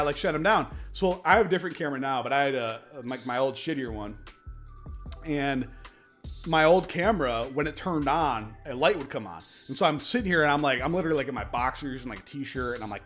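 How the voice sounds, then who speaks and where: A man's voice: mid-range voice, fairly quick, fairly bright tone, faint music behind. A man streaming casually from his home office, telling a story in a profane, emphatic way. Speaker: crypto streamer. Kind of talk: casual livestream chat.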